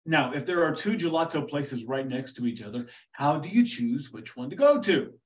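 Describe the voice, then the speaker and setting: A man teaching history in a loose, talkative monologue, circling back with "right?" and "okay" as he goes. His voice sits a little high for a man. He sounds set back from the microphone. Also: normal speed, far from the mic, low-quality recording. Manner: animated, rambling, full of "right?" and "okay". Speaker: teacher hosting a history podcast. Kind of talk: casual explanatory monologue.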